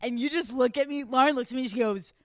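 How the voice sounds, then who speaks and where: A woman's voice: sits high, quick pace, no room sound. A young woman hosting a podcast, telling a crude story in casual chat and swearing freely into a handheld microphone. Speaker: podcast host.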